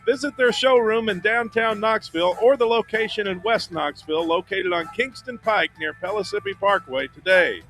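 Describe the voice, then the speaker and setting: A man reading a scripted radio ad in a smooth, upbeat way. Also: sits high, normal speed, hardly any pauses, a bit bright, faint music behind, poor audio. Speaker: ad announcer.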